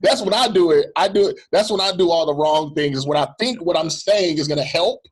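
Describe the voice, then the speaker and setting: A man's voice: a little high, brisk, breathy edge. A middle-aged male pastor talking earnestly in a reflective conversation, repeating phrases for emphasis.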